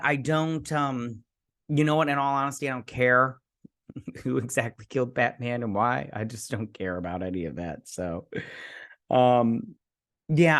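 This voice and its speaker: A man's voice: mid-range voice, fairly bright tone. Guy doing a casual rambly tv episode review for his channel, chatty, lots of asides.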